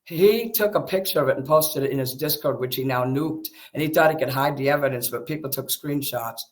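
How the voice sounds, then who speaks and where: A man's voice: medium pitch, a little fast. A man in heated casual conversation, agitated and defensive, swearing often. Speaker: streamer talking with a friend.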